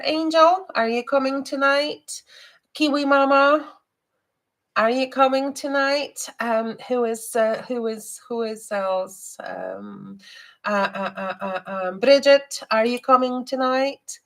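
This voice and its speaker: A woman hosting a live stream and giving spiritual readings, talking gently with many hesitations and repeated words. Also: on the high side. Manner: soft and gentle, guiding breathing.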